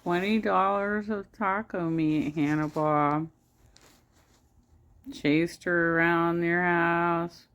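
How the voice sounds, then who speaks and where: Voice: mid-range voice, fairly even intonation, slow, fairly bright tone, smooth. A co-host reacting to a clip with sarcasm and exasperated disbelief. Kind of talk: reaction commentary.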